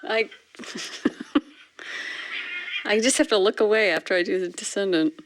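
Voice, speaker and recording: A woman's voice: mid-range voice, normal speed, a little hiss or hum. A woman voice actor apologizing and laughing at her own flubs between takes. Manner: giggly, self-deprecating apologies. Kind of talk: recording session banter.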